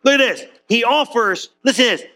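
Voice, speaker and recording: A middle-aged male pastor preaching a lively sermon, joking and calling out to the congregation. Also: very high voice, a little fast, faint music behind. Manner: animated, joking, calls out to the congregation.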